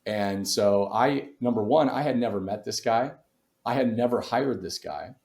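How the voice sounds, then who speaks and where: A man's voice: lowish voice, normal speed, a little mellow, echoey room. A man telling a story as a real estate investor guest in a podcast interview, speaking emphatically and in a motivational way.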